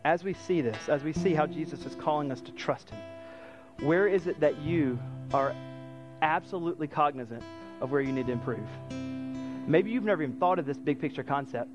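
A man preaching a sermon in an animated way, acting out the quoted lines of the story. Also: a little high, a little fast, music in the background. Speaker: pastor.

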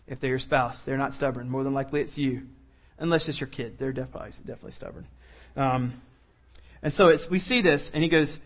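A man preaching a sermon, animated, acting out the lines of the people in the story and laughing often. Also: on the high side. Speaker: pastor.

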